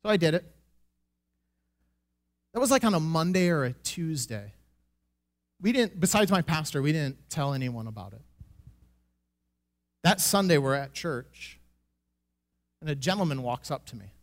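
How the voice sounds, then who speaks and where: A man with a notably high-pitched voice tells a personal faith story into a microphone. He is animated and self-deprecating, and he laughs often at himself as he goes. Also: a little slow, pauses often. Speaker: church member giving a testimony.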